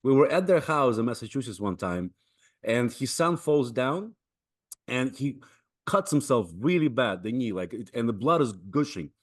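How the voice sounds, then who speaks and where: A man hosting a podcast, telling stories in a lively, casual way. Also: mid-range voice, normal speed. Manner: lively storytelling. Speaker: podcast host.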